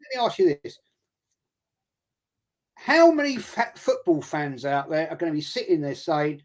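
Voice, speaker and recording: A man's voice: a little high, big pitch swings, a little slow, pauses often. Blunt London man ranting. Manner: blunt, swearing, mocking put-on quotes. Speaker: guest fan pundit. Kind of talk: casual reaction chat.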